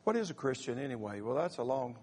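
A man's voice: medium pitch, very animated, fast, a little mellow, slightly rough. A male pastor preaching a humorous sermon in a folksy way, rallying the congregation with lots of "uh"s. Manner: folksy, rallies the congregation, stutters in repeated "uh". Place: church sanctuary. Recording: church sound with long reverb.

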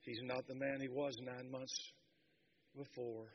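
A man preaching a sermon with passion, dropping to a hush and then building to shouts. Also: medium pitch, little pitch movement, unhurried, lo-fi sound, slight background noise. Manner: impassioned, swinging from hushed to shouting.

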